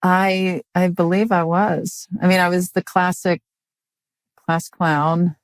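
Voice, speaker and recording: A woman in her fifties with a notably low voice speaks with a dry, halting delivery, stopping and restarting her sentences. She chats casually as a guest comedian in an interview. The sound is dry and close, with no room around it. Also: flat delivery, no room sound. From Mississippi, US.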